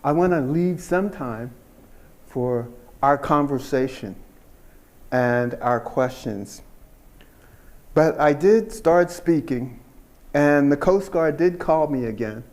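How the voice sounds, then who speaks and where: An older man giving a keynote speech, telling his story in an unhurried, earnest way and laughing at himself now and then. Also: on the high side, animated, a little mellow. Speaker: keynote speaker.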